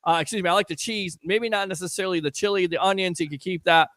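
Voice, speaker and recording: High-voiced jokey sports show host. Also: male voice, quick pace, no room sound, clean studio sound. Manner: jokey, excitable. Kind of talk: casual sports talk show hosting.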